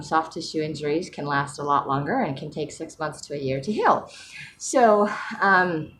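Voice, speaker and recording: A woman with a low voice talks to the camera in a relaxed, rambling way. She fills her sentences with ums and breaks into soft laughs as she goes. A faint hiss runs under the recording. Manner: chatty and rambling, with frequent fillers and soft laughs. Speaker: vlogger. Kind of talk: casual personal vlog.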